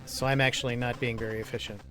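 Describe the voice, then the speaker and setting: A man talks loosely and casually over his gameplay, with a mid-pitched voice and plenty of "like" and "um". Faint game music plays behind him. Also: flat delivery, fast talker. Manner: chatty, rambling, with fillers and small laughs. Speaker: gaming streamer. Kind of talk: casual let's-play commentary.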